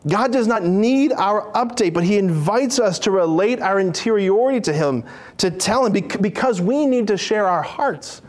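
A man with a high, bright-sounding voice preaching to a group. He talks in a playful, animated way, joking and acting out characters as he tells his stories. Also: normal speed. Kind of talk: lively sermon with acted-out stories.

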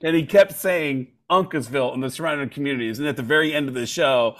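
A male comedian tells stories on a podcast in an animated, joking way. His voice sits in a middle range. He keeps the talk lively and full of jokes. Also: mid-range voice, fast talker, hardly any pauses. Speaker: comedian guest. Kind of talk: casual podcast storytelling.

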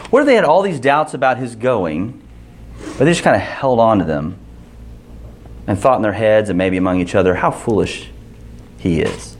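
Lively man teaching a Bible class. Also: on the low side, a little fast, pauses often, slight background noise. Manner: asks the group questions, many restarts.

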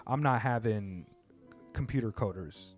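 A man's voice: lowish voice, measured pace, faint music behind. A man hosting a podcast, chatting casually in laid-back slang with frequent restarts and "you know what I mean.". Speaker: podcast host. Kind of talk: casual chat. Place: lives in Japan.

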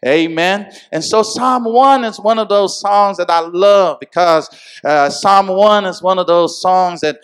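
Man, high voice, pastor, sermon, call-and-response, builds to shouting. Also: measured pace, clear, resonant tone. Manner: repeats "come on, y'all" and "amen".

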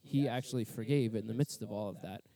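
A man's voice: on the low side, fast talker, mellow. A man co-hosting a faith discussion podcast who affirms his partner and leads the wrap-up. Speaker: podcast co-host.

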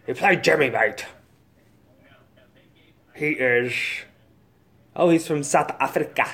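A married man hosting a casual solo podcast, rambling, swearing freely and thinking out loud as he goes. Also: fairly high pitch, slow pace, vocal fry, long pauses. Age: adult, old enough to be married. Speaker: podcast host.

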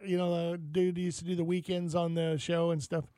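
A man's voice: fairly high pitch, fairly quick, dry recording. A man hosting a casual sports and outdoors radio show, telling stories and acting out what people said. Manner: lively storyteller, acts out quotes.

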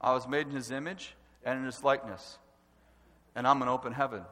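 A man preaching a sermon with animated, emphatic delivery and stresses that rise to a shout. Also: medium pitch, fairly quick. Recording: long hall reverb.

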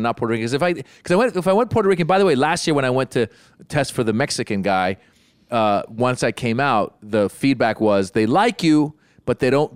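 A middle-aged podcast co-host chats casually, spinning a long, rambling story and frequently restarting his sentences. His voice is mid-range and smooth, recorded dry.

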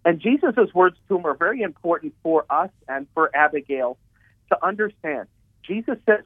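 Earnest priest over a tinny phone line. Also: male voice, a little high, no echo. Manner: earnest preaching with repeated words. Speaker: Catholic priest. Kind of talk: radio talk on faith. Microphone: telephone.

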